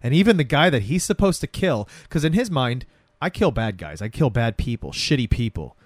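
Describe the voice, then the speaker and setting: Animated young man recapping a show. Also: medium pitch, brisk, no echo. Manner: animated, acts out characters' lines while retelling. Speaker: podcast co-host. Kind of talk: casual chat recapping a TV episode.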